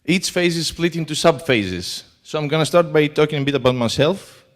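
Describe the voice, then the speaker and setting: A man's voice: fairly high pitch, a little fast. Greek-accented man giving a conference talk. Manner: hesitant, many fillers. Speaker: conference speaker. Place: conference hall.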